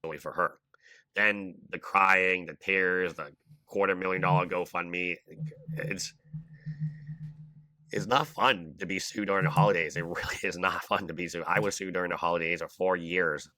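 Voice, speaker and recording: A man speaking in a measured, pointed way in a podcast clip. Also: deep voice, steady tone, pushed and bright, no room sound. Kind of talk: podcast talk.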